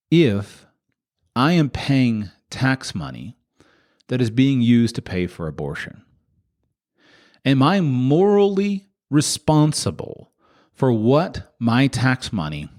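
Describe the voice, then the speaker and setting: Repeated rhetorical questions drive this male podcast host's fervent monologue, and his pitch jumps sharply from line to line.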